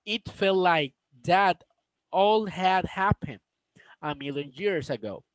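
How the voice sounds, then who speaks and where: A man reads a novel aloud at a slow, deliberate pace, sometimes tripping over words and starting them again. His voice sits fairly high, and it is recorded dry and close, with no echo. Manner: slow, careful reading with stumbles and restarts. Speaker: storybook reader. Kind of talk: reading a novel aloud with asides to viewers.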